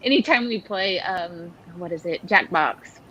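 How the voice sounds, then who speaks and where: A woman's voice: lowish voice, lively intonation, a little slow, pushed and bright, muffled recording, a little hiss or hum. A woman joining her husband's live stream in casual chat, giggly and easygoing. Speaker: host's wife, guest.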